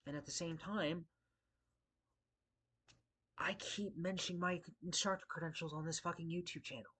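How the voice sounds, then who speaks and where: A man's voice: fairly high pitch, fairly even intonation, moderate pace, bright, forceful tone, breathy edge. A man who works as a security guard, venting in a casual vlog, frustrated and profane, rambling and circling back to his points. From Las Vegas area.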